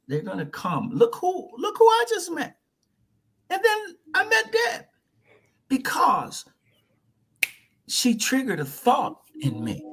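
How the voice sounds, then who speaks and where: A man guesting on a podcast, telling his story in a lively, folksy way and slipping into little voices. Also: high voice, creaky, a little hiss or hum. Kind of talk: animated storytelling in conversation.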